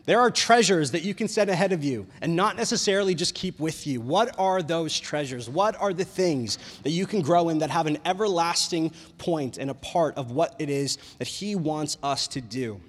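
A man's voice: fairly high pitch, normal speed, hardly any pauses. A man, a youth pastor, giving a casual sermon. He rambles and fills his talk with "like". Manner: animated, rambling, heavy use of "like". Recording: long reverb of a large hall.

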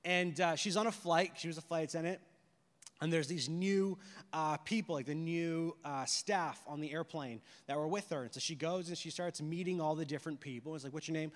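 A man preaching a sermon with animated storytelling and rhetorical questions. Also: fairly high pitch, moderate pace, long reverb tail. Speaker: pastor.

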